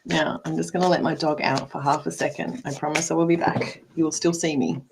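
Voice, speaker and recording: Background noise sits under this coach's deep voice, which carries vocal fry and fairly even intonation at a brisk clip. The middle-aged woman gives a live card reading with emphasis and plenty of swearing, calling out viewers by name and often adding "right?".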